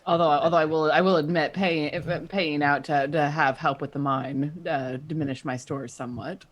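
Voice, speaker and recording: A woman's voice: low voice, fairly even intonation, normal speed. A woman playing in a tabletop game, wry and joking in her delivery. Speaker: player. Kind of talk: in-character tabletop roleplay.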